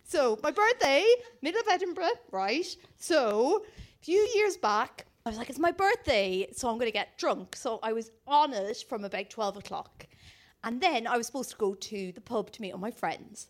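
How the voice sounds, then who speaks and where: An Irish woman with a high, bright voice tells a story in casual talk. Her pitch leaps up and down, and she slips into other people's voices as she goes. She swears freely and sounds animated throughout. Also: normal speed. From Ireland.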